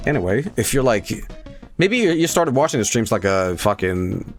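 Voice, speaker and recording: A young man streaming live, chatting casually and profanely, rambling through anecdotes and slipping into silly high voices. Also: very animated, normal speed, soft background music.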